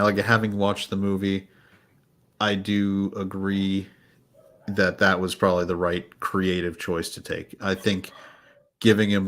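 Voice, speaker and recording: Man, very deep voice, flat and even delivery, rambling casual chat, lots of fillers and restarts. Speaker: podcast host. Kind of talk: casual chat reviewing films.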